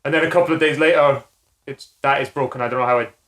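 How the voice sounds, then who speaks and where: A man's voice: mid-range voice, steady tone, fast talker, crowd noise. A man in a casual podcast chat, telling a small mishap in a wry, understated way. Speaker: podcast co-host. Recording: echoey room.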